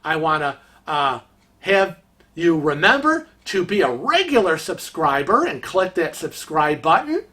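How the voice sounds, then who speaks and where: Slow, bright-voiced man telling a story. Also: fairly high pitch, very animated. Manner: gossipy, chatty anecdote telling. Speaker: vlog host. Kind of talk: casual storytelling.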